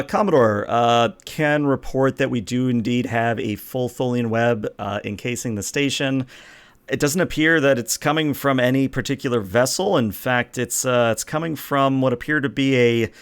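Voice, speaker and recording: A man at a mid-range pitch narrates a tabletop role-playing game as its game master. He talks in a relaxed, easygoing way, filling pauses with "um" as he moves the story between players. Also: clear, resonant tone. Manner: relaxed, steering the scene with fillers.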